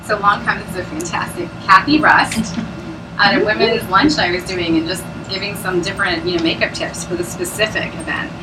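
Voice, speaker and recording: A woman's voice: mid-range voice, brisk, recorded from a distance, noisy background. A woman presenting at a business opportunity meeting, chatty and bubbly, often laughing as she talks to a live audience. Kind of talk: sales pitch talk to a live audience.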